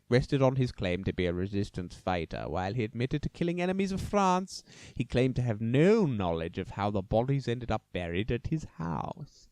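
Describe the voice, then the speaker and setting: A man's voice: medium pitch, darkish tone, dry recording. Guy hosting a podcast, telling a creepy true story all theatrical with jokey asides, dry close mic. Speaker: podcast host. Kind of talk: casual true-crime storytelling.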